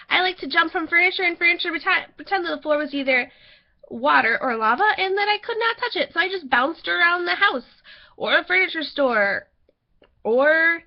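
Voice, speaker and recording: Chatty high-voiced young woman vlogging. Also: highs cut off. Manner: chatty, giggly, rambling with fillers. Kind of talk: casual chat to camera.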